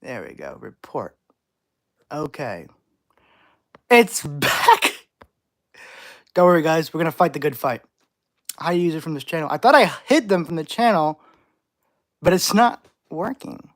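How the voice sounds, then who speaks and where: Male streamer host, playful and jokey, very animated delivery. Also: fairly high pitch, moderate pace, pauses often. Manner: playful, reacting to chat, jokey overreactions. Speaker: channel host. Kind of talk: live stream Q&A reading chat.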